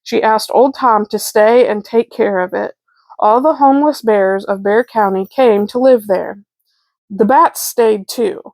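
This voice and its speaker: Brief: woman reading a picture book aloud, unhurried, bright higher voice, dry close mic. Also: no room sound. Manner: slow, clear, expressive. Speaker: children's book reader. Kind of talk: storybook read-aloud.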